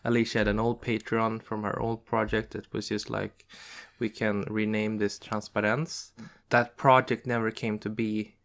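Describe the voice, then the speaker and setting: A person co-hosting a casual Q&A, telling the channel's backstory in a relaxed way. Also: mid-range voice, moderate pace, vocal fry. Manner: relaxed, laughs between remarks. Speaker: co-host. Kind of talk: casual Q&A chat.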